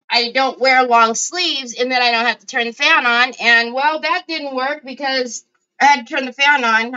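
Slow-talking bright chatty woman. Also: high-pitched, smooth. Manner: chatty, greets viewers by name. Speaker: craft livestream host. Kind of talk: casual live-stream chat. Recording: dull lo-fi home stream audio.

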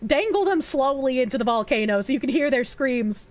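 A woman's voice: high voice, lively intonation, brisk. A young woman streaming live, reading messages aloud and reacting in a blunt, profane, openly disgusted way.

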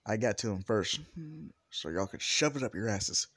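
A man's voice: fairly low pitch, expressive, normal speed, a bit bright, no echo. A man voicing a smug, teasing teenage girl in a fan-made story. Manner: taunting, self-satisfied.

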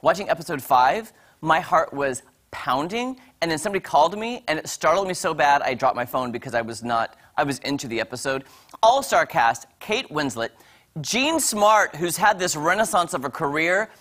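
A woman on a morning TV show chatting about series she has watched, gushing and animated, full of quick asides. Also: low-pitched. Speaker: entertainment reviewer on a morning show. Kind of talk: casual TV review chat.

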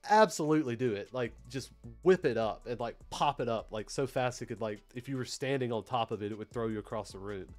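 A man's voice: medium pitch, brisk, soft background music. Chatty Southern US man teaching. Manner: rambling, chatty, many fillers. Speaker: PLC training host. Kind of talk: casual live-stream technical lesson.

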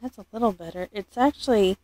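A woman doing a casual unboxing vlog as a doll collector. She gushes, rambles and corrects herself, and often drops to a soft near-whisper. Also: medium pitch, quick pace, dry recording.

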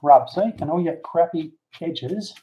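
A man talks through his hobby project in a loose, easygoing way, swearing now and then as he works. His voice sits a touch high for a man. The sound is dull and lo-fi, picked up by a handheld camera. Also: measured pace, a little hiss or hum. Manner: relaxed, chatty, mildly profane, talks while working. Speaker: hobby model builder, channel host. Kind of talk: casual how-to crafting chat. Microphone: handheld camera mic.

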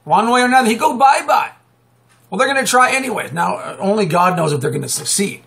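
A man preaching off the cuff, rambling and emphatic, breaking into sudden loud outbursts and chuckles. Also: high-pitched, animated, quick pace, creaky. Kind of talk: fiery unscripted preaching monologue.

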